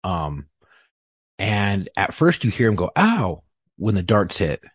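A man, a police officer, telling a story in casual podcast talk, profane and animated, acting out what people said. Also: low-pitched, measured pace, slightly rough, no room sound, studio quality. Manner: profane, animated, acts out quotes.

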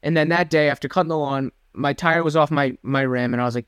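A young man co-hosting a podcast tells a rambling, self-deprecating story in casual chat. His voice is on the high side, fairly bright and smooth, moving a little fast, with a dry, clean studio sound.

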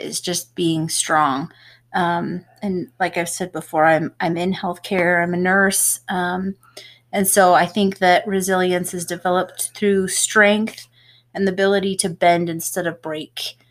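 A woman, a home health nurse, co-hosting a casual podcast and explaining at length with small laughs. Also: fairly low pitch.

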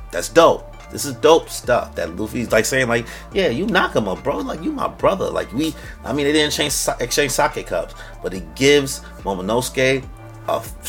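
A man's voice: mid-range voice, fairly bright tone. A young man giving a casual, slangy, emphatic recap of a manga chapter as a reviewer. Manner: slangy and emphatic, acts out characters' lines.

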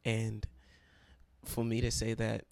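A man's voice: on the low side, monotone, slow, gravelly, darkish tone, dry recording. A young man who leads a college Bible study, telling his own story with emotion and close to tears. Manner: emotional and self-described dramatic, near tears. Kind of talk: personal testimony storytelling.

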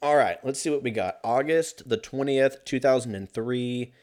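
A man's voice: mid-range voice, normal speed, darkish tone, faint music behind. A man hosting a casual solo podcast, rambling and swearing freely, mocking himself and laughing at his own jokes. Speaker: podcast host.

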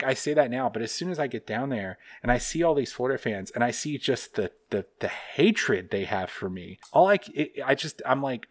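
A man co-hosting a podcast, ranting hotly with swearing and a stream of fillers. His voice sits at an ordinary middle pitch. The sound is dry and close, with no room echo. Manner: heated, swearing rant with many fillers. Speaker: podcast co-host.

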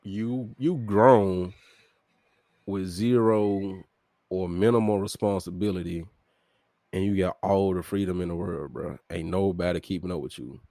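A man's voice: low-pitched, steady tone, a little slow, warm tone, no echo, clean studio sound. A man from Memphis with a Southern accent, a podcast guest talking emphatically and profanely in casual chat. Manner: emphatic, profane, calls people fool and bro.

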